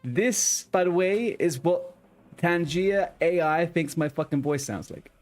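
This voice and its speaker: A man's voice: on the high side, unhurried, darkish tone, soft background music. A man streaming a game, chatting casually to viewers, swearing often and restarting his sentences. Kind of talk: casual live-stream chat.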